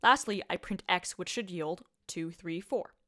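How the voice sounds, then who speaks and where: A woman with a lowish, fairly bright voice lectures on programming at a measured pace. She's a computer science lecturer doing a scripted voice-over, upbeat and playful with punchy asides.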